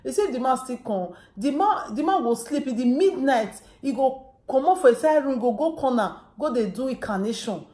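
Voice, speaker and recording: A woman speaking with a Nigerian Pidgin accent tells a story in a casual vlog, slipping into the quoted lines of each person in it. Her voice is warm and mellow. The sound bounces around an echoey room. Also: sits high, animated, moderate pace, few pauses. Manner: retells a story with quoted dialogue. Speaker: vlogger.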